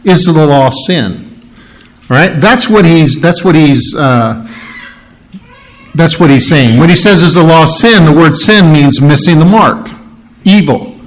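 A man's voice: on the high side, animated, a little slow, low-quality recording. A man preaching a conversational Bible-study sermon, full of rhetorical questions and restarts. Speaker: pastor.

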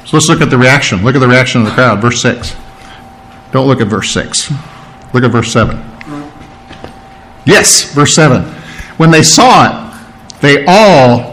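A man preaching a sermon in a conversational way, who repeats words for emphasis and often clears his throat. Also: mid-range voice, lively intonation, measured pace, long pauses, fairly bright tone, a little hiss or hum.

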